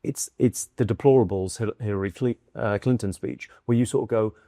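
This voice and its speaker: A man's voice: fairly low pitch, brisk, dark tone, no echo. A man from the United Kingdom, a comedian guest in a casual conversation, musing aloud with dry wit and many restarts. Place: indoor room in London.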